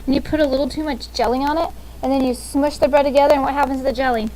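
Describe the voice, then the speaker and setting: A woman's voice: high-pitched, steady tone, racing, warm tone, slight background noise, rough recording. A woman in her thirties teaching a classroom grammar lesson, upbeat and often checking in with "okay?". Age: 30s.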